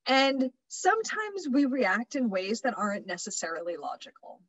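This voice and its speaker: A woman's voice: fairly high pitch, very animated, normal speed, fairly bright tone, no echo, poor audio. A woman presenting a wellness workshop over a webinar, chatty and loose, with many fillers and restarts.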